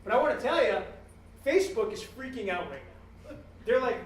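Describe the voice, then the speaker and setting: A man giving a joking, animated business keynote to a live audience, acting out customer exchanges as he goes. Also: very high voice, fairly quick, long pauses, background noise. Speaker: guest speaker at a business talk series. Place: event room with a live audience. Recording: echoey room, mic at a distance.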